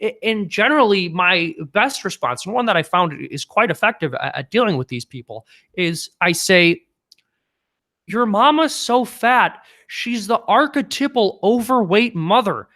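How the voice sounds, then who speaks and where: A man doing an impression of a male psychology professor, lecturing in a slow, drawn-out, earnest way. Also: sits high, expressive, sharp tone, voice pushed up, heavily acted. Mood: pontificating.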